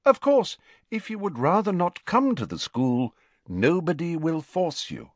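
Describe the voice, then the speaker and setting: Storybook elderly wizard teacher, patient and formal, slow and unhurried, voiced by a man. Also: on the high side, sing-song, dry recording, voice pushed up. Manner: patient, measured, gently formal. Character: calm, patient elderly male headmaster wizard.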